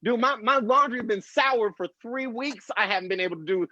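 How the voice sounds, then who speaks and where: A man's voice: extremely high pitch, a little fast, pushed and bright, no echo. An American man doing a stand-up set, with a laid-back, rambling delivery and laughs at his own jokes. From United States. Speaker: stand-up comedian. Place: small comedy stage before a live audience. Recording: dry, slightly muffled live recording.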